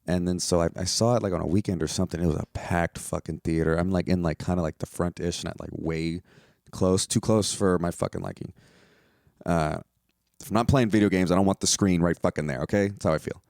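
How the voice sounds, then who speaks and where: A young American man hosts his own podcast and rants in a loose, swearing, rambling way. His voice sits very low with a gravelly, fry-heavy edge. The recording is dry and close, with almost no room sound. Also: fairly even intonation, a little fast, darkish tone, dry recording. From United States. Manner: profane, rambling, exasperated. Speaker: podcast host. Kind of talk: casual solo podcast rant.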